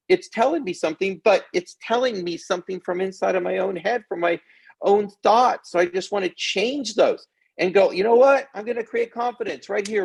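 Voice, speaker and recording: Middle-aged male kids' coach, upbeat motivator with a raspy, gravelly voice. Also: sits high. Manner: energetic, repeats "okay?" often. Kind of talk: motivational talk to kids.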